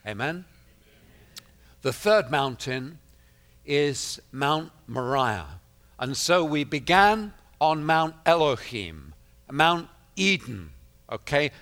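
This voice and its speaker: A man preaching a sermon in an emphatic way, swinging from loud declarations to hushed asides, winded at times. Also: fairly high pitch, very animated, slow pace. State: out of breath.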